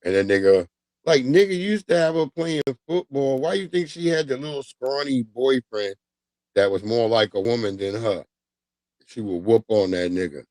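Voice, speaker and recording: This livestream host has a mid-range, slightly mellow voice with lively intonation and a moderate pace, recorded with no room sound. He chats casually with viewers, rambling, swearing, and drifting off on tangents.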